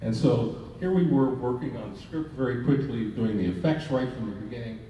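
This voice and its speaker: A man's voice: medium pitch, fairly quick, dark tone. Older Canadian man telling stories in a hall. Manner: rambling, chuckling through anecdotes. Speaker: film director, panel guest. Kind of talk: anecdotal storytelling on a convention panel. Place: large convention hall, indoors. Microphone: phone camera in the audience. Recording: echoey hall, distant mic, dull and faint hiss.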